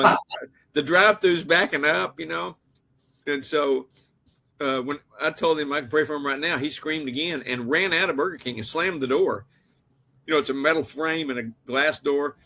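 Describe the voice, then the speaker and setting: A man who is an author and interview guest shares a personal story in an earnest, anecdotal manner, often restarting his sentences. His voice is a little high with a sharp tone.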